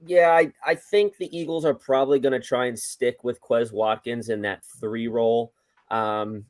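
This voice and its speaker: Man, podcast guest, low voice, measured, thoughtful, casual sports talk.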